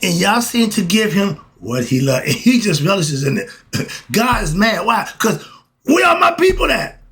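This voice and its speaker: This man's voice sits high and is a bit bright, very animated at a normal speed. As a channel host he gives a preachy spiritual monologue, repeating himself, firing off rhetorical questions, and chuckling between points.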